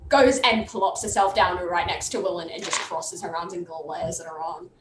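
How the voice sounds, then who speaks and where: A woman's voice: on the low side, steady tone, normal speed. Woman game master, echoey room. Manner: casual, many fillers and restarts. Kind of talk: narrating a tabletop game. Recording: echoey room, faint noise.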